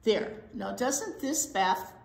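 A woman's voice: medium pitch, lively intonation, slow, vocal fry. A woman doing a cheerful, coaxing bear. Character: friendly big male bear. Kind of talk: children's picture-book read-aloud. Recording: echoey room.

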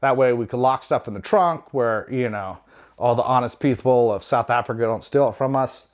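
A man from the United States, perhaps in his thirties, tells a story from home in a casual, meandering way. His delivery is wry and self-deprecating, full of ums and asides, at a middling pitch. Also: normal speed. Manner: rambling, wry, self-deprecating, many fillers.

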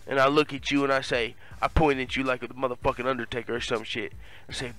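An MMA YouTube host tells a crude comedic story, swearing a lot and laughing often in a profane, animated way. His voice is mid-range and fast.

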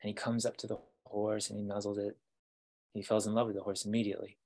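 A man telling a fairytale as a storytelling guide, slow with dramatic pauses, over a video call. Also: lowish voice, little pitch movement, darkish tone.

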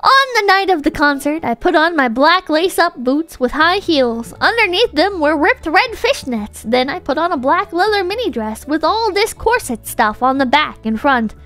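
Animated woman streamer reading aloud. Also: sits high, moderate pace, hardly any pauses. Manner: animated, mocking, laughing asides. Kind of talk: comedic dramatic reading.

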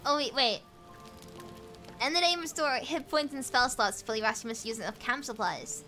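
A British woman streaming a video game, chatty and excitable, thinking aloud as she plays. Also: high voice, brisk, music in the background. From Britain. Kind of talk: casual gameplay commentary.

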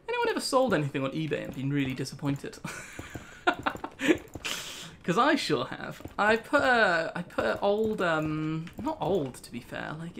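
A young man with a British accent rambles and laughs through a story while hosting a casual let's play on his gaming channel. His fairly high voice carries vocal fry and a fairly bright tone, over a bit of hiss or hum.

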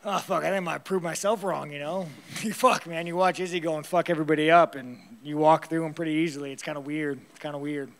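A fighter answering press conference questions in a blunt, rambling, heavily profane way, laughing often. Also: male voice, fairly high pitch, steady tone, fast talker, hardly any pauses.

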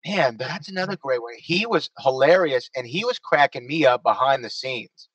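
A man hosting a casual panel chat, talkative and quick to laugh. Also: medium pitch, lively intonation, a bit bright, no echo, recorded from a distance, dull audio. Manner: chatty, laughs often. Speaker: host.

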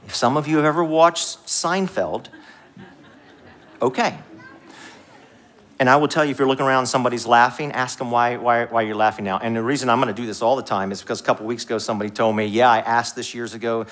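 Animated man preaching in a church. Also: mid-range voice, fast talker. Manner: conversational preaching, animated, drops to soft hushed tones for emphasis. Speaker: pastor. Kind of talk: sermon. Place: church sanctuary.

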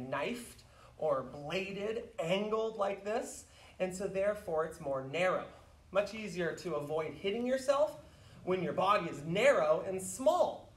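Drill-shouting martial arts instructor, roomy echo. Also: male voice, high voice. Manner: counts and shouts drill commands. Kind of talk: online class instruction. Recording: roomy echo, mic far off.

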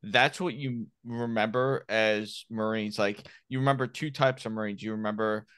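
A former Marine in his thirties from Miami hosts a podcast, chatting casually and frankly while rambling with many restarts. His lowish voice is clear and resonant with a fairly bright tone, fairly even intonation, and a moderate pace. The studio sound is clean, with no room sound.

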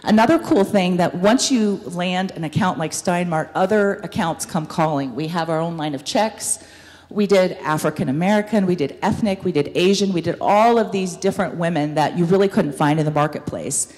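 A woman's voice: fairly low pitch, normal speed, darkish tone. A woman giving an upbeat business presentation to an audience, with frequent ums. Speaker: guest speaker, business owner. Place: university hall. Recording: hall reverb from a room mic.

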